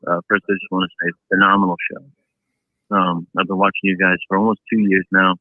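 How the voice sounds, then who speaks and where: Low-voiced male caller over the phone. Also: level tone, brisk, no room sound. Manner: chatty, hedging. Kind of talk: call-in sports talk. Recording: tinny phone line.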